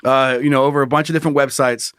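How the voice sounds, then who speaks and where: A man's voice: mid-range voice, fairly even intonation, very fast, fairly bright tone, clear, resonant tone, dry recording, clean studio sound. A man co-hosting a casual comedy podcast, crude and swearing freely with mock exasperation. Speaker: podcast co-host.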